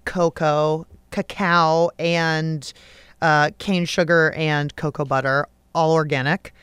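A woman host with a smooth, resonant voice a little lower than most. She jokes and teases her guest in a casual way. The studio sound is dry. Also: little pitch movement, takes it slowly, a bit bright, no room sound. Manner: playful, joking. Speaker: radio host. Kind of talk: casual radio conversation.

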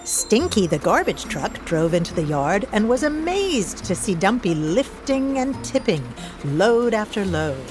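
Animated woman reading a storybook slowly. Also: medium pitch, over music. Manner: animated, slow, playful. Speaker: co-reader of the picture book. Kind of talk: children's storybook read-aloud.

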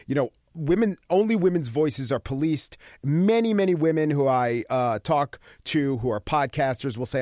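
A middle-aged man with a New York accent, a radio host answering interview questions in a talkative, opinionated way with quick asides. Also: mid-range voice, no room sound, studio quality. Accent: New York area. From New York–New Jersey area. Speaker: radio show host, guest.

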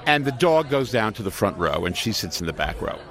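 A man telling a long joke in a lively storytelling manner, acting out the characters' lines. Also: fairly low pitch, fairly quick, a crowd in the background. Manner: animated, quoting characters with lively shifts. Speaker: podcast host telling a joke.

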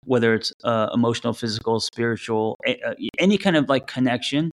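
A man's voice: mid-range voice, fairly quick. A middle-aged man with a slight lisp co-hosting a relationship podcast, talking casually with many fillers and reading listener letters aloud. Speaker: podcast co-host.

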